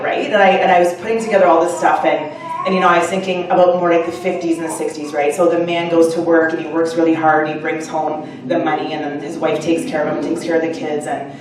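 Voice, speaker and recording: A woman's voice: lowish voice, far from the mic. Chatty woman author in an echoey room. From Canada. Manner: chatty and animated, with many fillers and asides. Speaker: short story author at a book launch. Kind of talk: casual storytelling speech to a live audience. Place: upstairs room of a restaurant at a live event.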